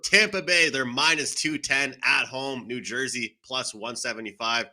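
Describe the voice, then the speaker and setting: A man's voice: mid-range voice, moderate pace, pushed and bright. A man hosting a sports betting panel, upbeat, turning to each panelist by name. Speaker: show host.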